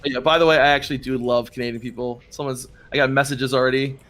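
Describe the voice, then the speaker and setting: A man's voice: medium pitch, level tone, fast, a bit bright. A man from Texas, chatting casually over voice chat while gaming, joking and teasing in a loose, rambling way.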